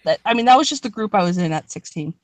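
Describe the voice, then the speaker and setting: A woman's voice: medium pitch, lively intonation, fast, dry recording. Young woman, rambling storyteller, swears a lot, dry close mic. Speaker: podcast co-host. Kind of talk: casual storytelling chat.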